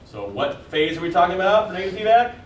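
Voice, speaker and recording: A man's voice: sits high, sing-song, far from the mic, a little hiss or hum. Man lecturing, quizzing the class. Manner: casual, quizzing students with quick questions. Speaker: college biology instructor. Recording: echoey classroom recorded from afar.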